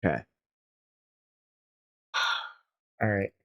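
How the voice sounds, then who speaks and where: A man hosting a gaming channel, giving casual gameplay commentary in a low-key, hesitant, apologetic way. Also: extremely slow, pushed and bright.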